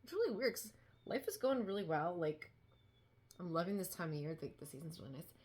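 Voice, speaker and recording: A woman's voice: on the low side, expressive, fairly quick, a little mellow. Woman vlogger, casual and rambling, chatting at home about thrift finds. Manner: chatty, rambling, frequent "like" and restarts. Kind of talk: casual chat. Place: home dining room.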